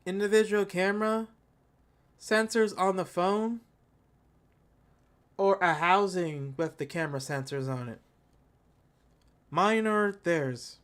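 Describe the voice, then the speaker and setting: A man's voice: sits high, fairly even intonation, a little slow, pauses often. A man hosting a tech channel, giving live commentary on a product event in a casual, slangy, joking rant and talking to his chat. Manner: ranting, joking, exaggerated mockery.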